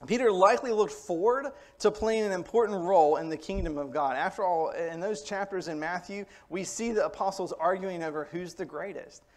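A man's voice: high-pitched, a little fast, hardly any pauses, a little mellow. A male pastor preaching a sermon in a conversational, explanatory way, checking in with his congregation. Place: church.

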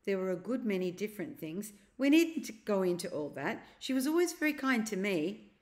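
A woman reading a storybook aloud and voicing a scheming elderly uncle who speaks in a slow, coaxing, secretive way. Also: mid-range voice, big pitch swings, darkish tone, lightly acted. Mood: sly.

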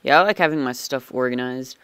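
A man's voice: mid-range voice, a little fast, fairly bright tone, smooth, no echo. A man giving rambling, chatty commentary while playing a game, easily startled. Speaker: let's play gamer. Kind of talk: casual gameplay commentary.

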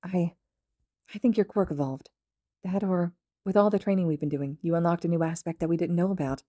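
A woman voicing a gentle teenage boy who soothes a friend in soft, stammering reassurance. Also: on the low side, fairly quick, dry recording, clean studio sound, close to an everyday voice. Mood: comforting.

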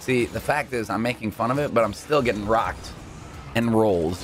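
A man hosts a gaming video, calling the gameplay live with excitable energy that swings from calm chatter into high yelps. He talks at a moderate pace over soft background music.

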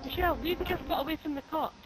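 A woman's voice: high-pitched, quick pace. A woman in casual game chat, blunt and teasing. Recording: loud background noise.

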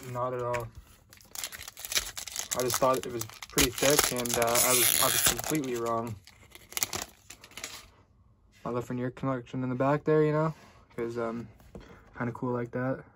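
A young man hosting a casual card-opening video, chatting loosely and getting excited at good pulls. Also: mid-range voice, slight background noise. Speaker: card-opening channel host.

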